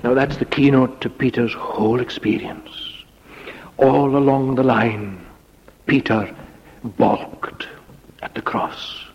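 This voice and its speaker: A man's voice: mid-range voice, fairly even intonation, slow, a little hiss or hum. A man preaching a sermon dramatically, dropping to a whisper on key words. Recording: lo-fi recording in a reverberant hall.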